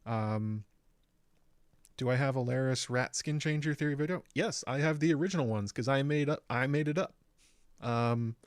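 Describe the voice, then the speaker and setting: With a clear, resonant, medium-pitched voice, a man recaps an episode's plot step by step for his own YouTube channel. His delivery is conversational and peppered with "um," recorded at studio quality with no room sound.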